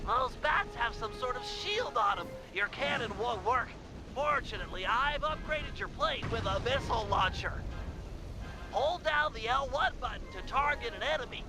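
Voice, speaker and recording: A man voicing a helpful mission advisor in a video game, giving the pilot calm, instructive briefings over game music. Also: very high-pitched, moderate pace, rough recording.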